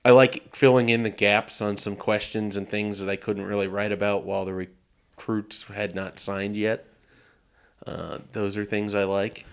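A man hosting a sports podcast in a relaxed, chatty way, with a slightly low voice. He chuckles and restarts his sentences as he thinks out loud. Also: measured pace, gravelly, smooth. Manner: easygoing, chuckles, many restarts. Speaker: podcast host. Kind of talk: casual sports podcast chat.

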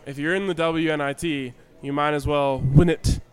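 A man's voice: a little high, fairly even intonation, moderate pace, smooth. A man on a casual sports podcast with a dry, joking delivery. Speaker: podcast co-host.

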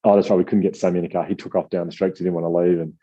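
A man telling a rambling, self-deprecating story as an author guest, quoting people in lively voices. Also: low voice, very fast, husky, dull audio. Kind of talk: casual storytelling.

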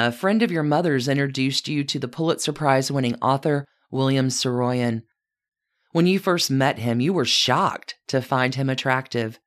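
A woman narrating a scripted biographical story with a strikingly deep voice. She speaks in a measured, even way and addresses her subject directly. Her delivery is composed and deliberate. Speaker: podcast narrator.

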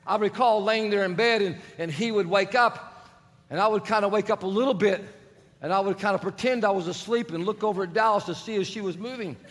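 High-voiced man preaching in a reverberant hall. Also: a little fast, fairly bright tone. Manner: storytelling with humor, acting out quoted voices. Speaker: pastor. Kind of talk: sermon. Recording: long reverb of a large hall.

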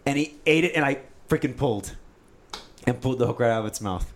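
A man telling a fishing story in casual chat, animated and often saying "dude.". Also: mid-range voice, fast talker.

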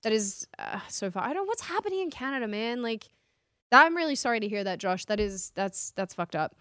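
A woman's voice: on the high side, big pitch swings, fairly quick, fairly bright tone, no room sound, studio quality. A woman with an Australian accent co-hosting a podcast, casually reading out viewer comments. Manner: reads comments aloud, easygoing. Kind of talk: casual live-stream chat.

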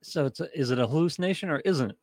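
A man's voice: fairly high pitch, animated, racing, darkish tone, no echo. A man in a casual chat, chiming in with short agreeing replies and dry jokes.

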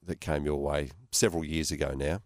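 A man hosting a radio interview, attentive and quick with short affirmations. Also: very deep voice, steady tone, no room sound, studio quality. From Australia. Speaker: radio host.

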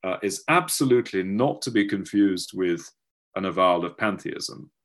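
A man giving an academic webinar lecture, halting with many fillers and restarts, over a video call. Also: sits low, lively intonation. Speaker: guest lecturer.

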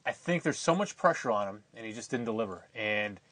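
A man's voice: on the low side, animated, a little fast, a bit bright, no room sound. A man co-hosting a casual sports radio chat, teasing the others with a wry tone.

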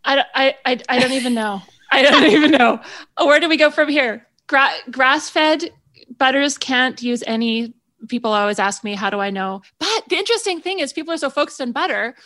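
A woman's voice: sits high, animated, fairly quick, pushed and bright. A woman, a chef on a talk show, chatting casually and animatedly, laughing often. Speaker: guest chef. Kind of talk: casual radio chat.

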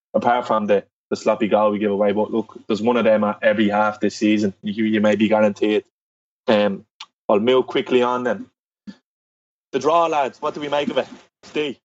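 A man's voice: fairly low pitch, no echo. A man hosting a casual football chat, blunt and swearing as he leads the talk. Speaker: podcast host. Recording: dull, distant lo-fi mic.

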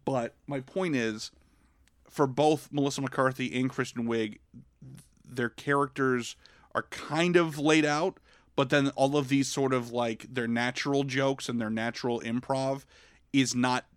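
A man co-hosting a podcast, chatting casually about a film in an animated, rambling way with lots of fillers. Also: medium pitch, unhurried, clear, resonant tone, no room sound, clean studio sound. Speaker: podcast co-host. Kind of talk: casual film review chat.

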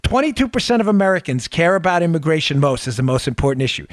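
A man's voice: on the high side, very animated, quick pace, no room sound, studio quality. A man hosting a podcast, giving emphatic, sarcastic political commentary and repeating phrases for effect. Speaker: podcast host.

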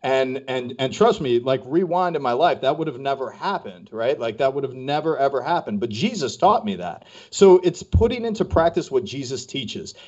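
A man's voice: medium pitch, animated, moderate pace, hardly any pauses, a little mellow. A man casually telling a story on a podcast as a co-host, acting out the voices of people he quotes. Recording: dull lo-fi podcast audio.

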